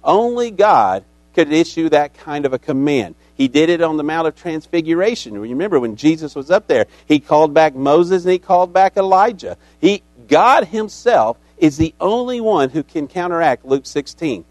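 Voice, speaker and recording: A man's voice: fairly high pitch, lively intonation, normal speed, darkish tone, no echo. A man preaching a sermon as a pastor, telling the story dramatically and acting out its characters.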